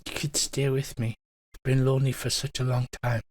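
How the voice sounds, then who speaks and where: A timid tree spirit, female and ancient, speaks gently and begs visitors to stay, as a man puts her on. Her voice is soft and mid-pitched, recorded close and dry, as in a tabletop game. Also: flat delivery, brisk, dry recording, natural voice. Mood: lonely pleading.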